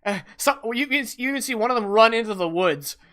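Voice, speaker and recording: Bright-voiced game master. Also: mid-range voice, animated, fast talker. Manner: easygoing, explains rules and scenes. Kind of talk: running a tabletop game.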